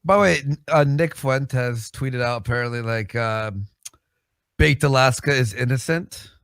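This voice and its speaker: Man, mid pitch, blunt, crude, defensive, dry studio mic. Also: measured pace, gravelly, a bit bright, no room sound. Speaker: co-host. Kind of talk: livestream talk show banter.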